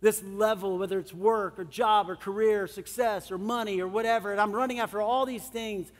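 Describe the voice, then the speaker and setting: A middle-aged male pastor preaching a sermon, animated, swinging between loud emphasis and soft, earnest moments. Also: high voice, brisk. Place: church sanctuary. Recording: long church hall reverb.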